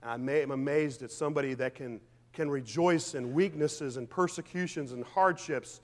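A man preaching a sermon with fervent emphasis and rhetorical questions, swinging from loud declarations to quiet, low asides. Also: normal speed, big-room sound. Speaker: pastor.

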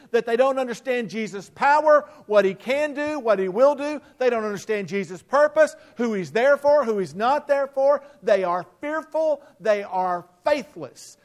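A middle-aged male pastor preaching a sermon in a conversational way, with rhetorical questions and frequent restarts. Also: high voice.

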